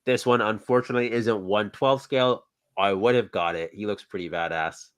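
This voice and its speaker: A male podcast host with a fairly low voice. He chats in a relaxed, rambling way, thinking aloud as he goes. His delivery stays casual and unhurried. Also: clean tone. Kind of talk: casual chat about toys and films.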